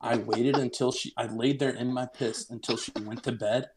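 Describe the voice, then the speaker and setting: A young man telling a story on a casual podcast. He is animated, swears freely, and acts out the quotes in his story. His pitch is mid-range, and a faint hiss of noise sits behind him. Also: moderate pace. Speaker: podcast co-host.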